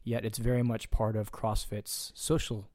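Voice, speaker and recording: A man's voice: on the low side, little pitch movement, normal speed, darkish tone, no room sound, clean studio sound. A man speaking as a coach in a casual podcast conversation, earnest and direct, plain-spoken with the odd curse word.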